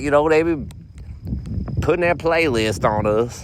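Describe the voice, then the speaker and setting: A man, hosting a podcast and telling casual, slangy stories, animated and often mimicking the people he quotes. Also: on the high side, a little slow, pauses often. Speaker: podcast host. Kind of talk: casual storytelling monologue.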